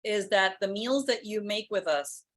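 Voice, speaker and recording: A woman's voice: mid-range voice, moderate pace. A woman who works as a weight loss program doctor, speaking in an upbeat, persuasive way in a casual chat.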